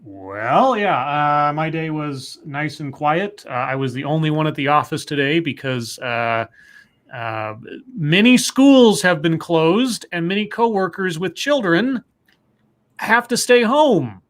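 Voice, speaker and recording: A man's voice: a little high, a little slow. A man hosting a casual online talk show, greeting listeners and chatting in an upbeat way. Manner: upbeat, animated host banter. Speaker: podcast host. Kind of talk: casual chat.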